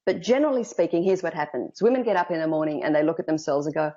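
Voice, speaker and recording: Low-voiced Australian woman coaching. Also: rapid-fire, few pauses, highs cut off. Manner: lively, emphatic, acts out quoted thoughts. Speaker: public speaking coach. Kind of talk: interview guest advice.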